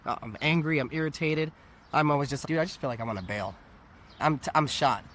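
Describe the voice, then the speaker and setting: A man's voice: on the high side, a little fast, a bit bright. A worn-out man recovering from a cold tells a candid, reflective personal story in a casual vlog. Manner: candid, reflective, laughs at himself. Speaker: vlogger. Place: outdoors near a convention area. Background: faint traffic noise.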